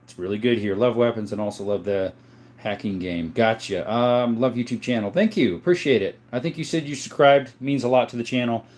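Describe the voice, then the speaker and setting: A man in his thirties from the US, chatting casually on a livestream, reading viewer comments and answering in a folksy, relaxed way. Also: medium pitch, fairly quick. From USA. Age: 30s. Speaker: gun collector livestreaming.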